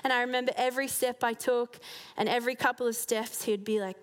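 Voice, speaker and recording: A woman giving a heartfelt personal faith testimony to a church gathering, earnest and sincere, with soft laughs now and then. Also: on the high side, steady tone, fairly quick.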